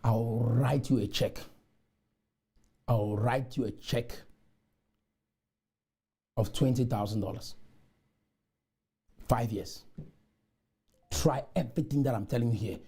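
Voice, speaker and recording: A man from Cameroon, giving a motivational conference speech full of repeated chants that burst into shouts. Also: medium pitch, slow pace, pauses often, breathy edge. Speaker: motivational speaker. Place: conference room.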